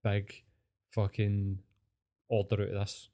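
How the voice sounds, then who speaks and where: A man's voice: fairly low pitch, monotone, takes it slowly, dark tone. Sweary Scottish man telling rambling stories. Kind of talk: casual chat.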